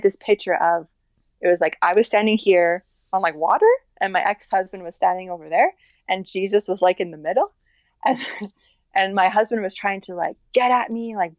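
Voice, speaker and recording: An earnest woman telling her story in an interview, her voice sitting at an ordinary middle pitch as she circles back and restarts her sentences. The sound is dry and a little dull. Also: no echo. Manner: earnest, talks in halting restarts with many likes. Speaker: interview guest. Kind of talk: candid personal interview.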